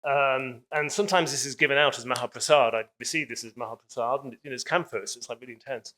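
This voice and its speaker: Bright-voiced enthusiastic male lecturer. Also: mid-range voice, fast talker. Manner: enthusiastic, chatty, many fillers and laughs. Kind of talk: public lecture storytelling.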